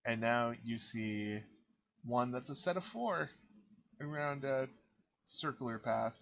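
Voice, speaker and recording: A man narrating a tabletop game as game master, relaxed and halting, often pausing on fillers. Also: medium pitch, creaky, highs cut off.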